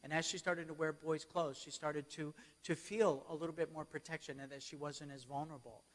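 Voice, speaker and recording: In a church hall with long reverb, a man delivers a keynote sermon built around storytelling, frequently checking in with his audience. His voice is a little high and a little fast, with a steady tone.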